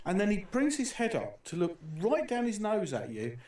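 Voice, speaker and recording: A man's voice: high-pitched, wildly swooping pitch, moderate pace, darkish tone. A man co-hosting a casual talk show over a call, speaking hesitantly with many restarts. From outside the United States. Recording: echoey room, far from the mic.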